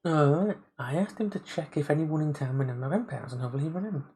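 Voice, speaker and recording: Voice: medium pitch, racing, a little mellow, husky, rough recording. A streamer on a live game play-through, reading the story text aloud and stopping to comment, often stumbling over and restarting words.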